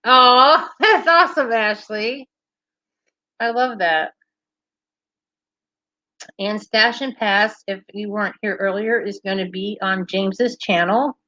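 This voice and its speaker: A woman's voice: mid-range voice, takes it slowly, long pauses, pushed and bright, dry recording, lo-fi sound. A woman hosting a livestream, chatting casually and cheerfully with viewers and laughing often. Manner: bubbly, laughs often, chats with live comments. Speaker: livestream host.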